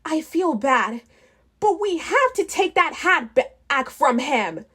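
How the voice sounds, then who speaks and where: A woman's voice: high-pitched, very animated, takes it slowly, exaggerated voice. A woman doing a sweet cheerful fairy. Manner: gentle and sweet. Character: kind, cheerful young female winter fairy.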